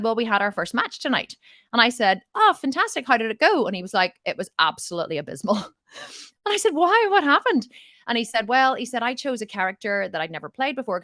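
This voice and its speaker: A woman's voice: fairly low pitch, a bit bright, no echo, studio quality. A woman, a fitness and mindset coach telling a personal story in a motivational talk, animatedly acting out both sides of a conversation.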